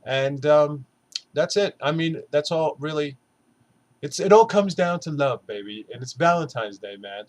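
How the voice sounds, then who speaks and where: A man's voice: fairly high pitch, animated, a little slow. A man recording a casual motivational vlog, blunt and earnest, swearing often as he urges viewers to go easy on themselves. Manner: blunt, heavy swearing, earnest pep talk. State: three months after surgery. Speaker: weight-loss vlogger.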